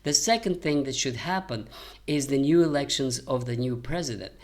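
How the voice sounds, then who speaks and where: An older man, a retired historian, giving unscripted commentary in a measured lecturing manner with frequent hesitations. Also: mid-range voice, animated, a little mellow. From American. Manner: measured, many "uh" fillers, lecturing.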